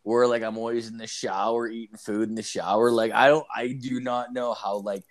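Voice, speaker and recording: A man's voice: mid-range voice, fairly even intonation, moderate pace. A man co-hosting a podcast, talking in a crude, rambling way full of swearing and "like". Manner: profane, rambling, heavy "like" filler. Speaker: podcast co-host. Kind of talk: crude casual chat.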